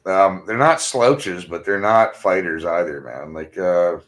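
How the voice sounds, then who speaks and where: Angry swearing man, low voice. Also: a little slow, fairly bright tone. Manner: angry, blunt, swears constantly, ends phrases with "man". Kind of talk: profane ranting monologue.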